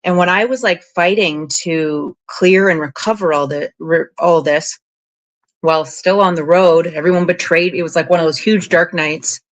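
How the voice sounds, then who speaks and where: A woman guest on an interview podcast, telling long spiritual stories in a rambling, animated way, full of "like" and "you know". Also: fairly low pitch, moderate pace. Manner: rambling, animated, frequent 'like' and 'you know'. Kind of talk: casual interview storytelling.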